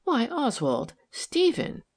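A woman reading an audiobook, voicing a gentle, eager wife who talks breathlessly and tenderly. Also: fairly low pitch, animated, moderate pace, breathy edge. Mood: hurt.

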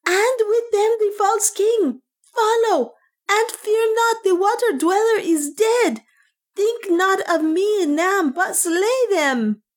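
A woman reading an audiobook voices a male priest who screams out false news in a shrill, raised voice. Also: takes it slowly. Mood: screaming.

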